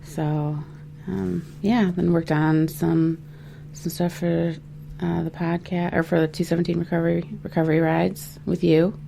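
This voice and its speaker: A woman co-hosts a casual podcast in a studio. Her voice is low and gravelly, and her delivery is flat and hesitant, full of ums. There is faint noise in the background. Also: a little slow. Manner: hesitant, with many ums and restarts. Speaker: podcast co-host.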